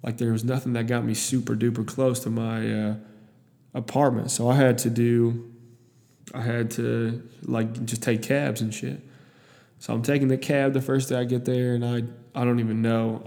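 A man's voice: mid-range voice, flat delivery, moderate pace, vocal fry, mellow, long reverb tail. A young man from Iowa telling a story in a casual, rambling, profane way, with many restarts.

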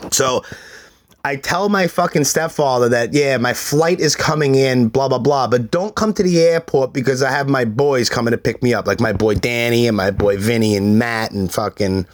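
A middle-aged man, telling his life story on a solo podcast in a profane, animated way. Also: medium pitch, normal speed. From New York City. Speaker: podcast host.

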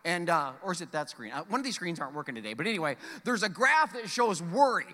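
A man in his forties preaching with a high, lively voice that swings up and down as he jokes and acts out the people in his stories. His tone is brilliantly bright and cutting. Long reverb from the church hall trails behind every phrase. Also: quick pace. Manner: animated, joking, acts out quoted voices. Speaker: pastor. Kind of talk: sermon. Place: church sanctuary.

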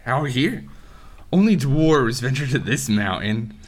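A man voicing a gruff male dwarf miner who speaks slowly and heartily, in a mid-pitched voice. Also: very animated, a crowd in the background. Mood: hearty.

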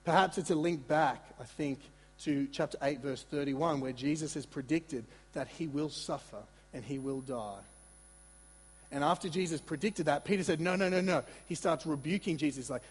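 Husky-voiced man preaching in a hall. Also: on the high side, normal speed. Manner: conversational, animated preaching with asides and repetitions. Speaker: pastor. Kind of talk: sermon.

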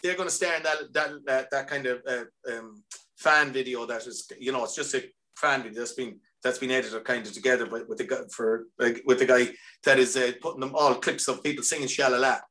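A man with an Irish accent, a singer chatting as a podcast guest and telling stories with quick asides. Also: medium pitch, fairly even intonation, sharp tone. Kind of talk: casual chat.

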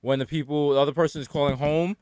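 A man's voice: on the high side, fairly even intonation, fast, darkish tone, clean tone, no room sound, studio quality. A man co-hosting a podcast, rambling through jokes with lots of swearing. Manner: rambling, profane, jokey. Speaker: podcast co-host. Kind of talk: casual chat.

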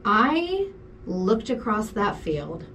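A woman co-hosting a podcast, telling a story in casual chat, animated and laughing, swearing freely. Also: medium pitch, very slow, recorded from a distance, slight background noise. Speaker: podcast co-host.

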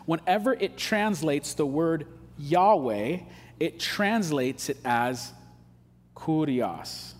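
Guy pastor giving a sermon, laid back but punchy, kinda high voice, big echoey church sound. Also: a little mellow. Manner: casual, emphatic preaching with slang asides. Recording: long hall reverb.

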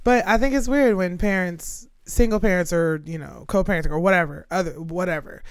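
A woman's voice: fairly low pitch, fairly quick, smooth, no room sound. A woman talks in an easygoing, reflective way on a casual podcast, adding short reactions between longer thoughts. Her voice is recorded close and dry, with no room sound. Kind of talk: casual chat.

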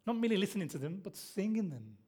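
Pastor, middle-aged guy, highish voice, preaching in church, tells stories and quizzes the congregation. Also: sing-song, fast, a little mellow, husky. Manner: storytelling, asks the congregation questions and answers them. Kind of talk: sermon.

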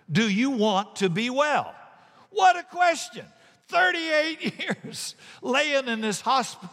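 A middle-aged male pastor preaching with a lively, swooping delivery, his voice a touch high for a man. He acts out the voices of people in Bible stories. The sound rings with a long reverb from a large church hall. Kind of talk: sermon.

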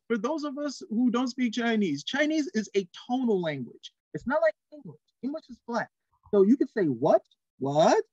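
A man co-hosting a casual film review show, talking in an animated, rambling way with lots of restarts. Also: very high voice, no room sound, lo-fi sound. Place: TV studio.

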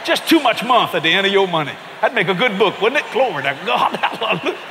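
High-voiced preacher guy hollering and cracking jokes, big swoopy voice, echoey hall with a crowd. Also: a little hiss or hum. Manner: exuberant, shouting, laughing, acting out voices. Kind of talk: comedic sermon. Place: large church auditorium.

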